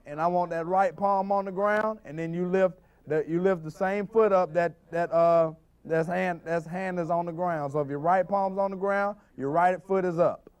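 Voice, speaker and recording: A man with a high, smooth, clear voice explains football drills like a coach on the practice field. He often repeats and restarts his phrases as he works through each point. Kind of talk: instructional drill demonstration.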